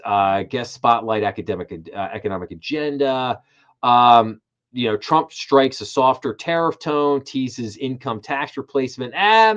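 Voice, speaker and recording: A man's voice: mid-range voice, muffled recording. A middle-aged man hosting a live finance commentary stream, emphatic and repeating his words when he gets worked up. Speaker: host.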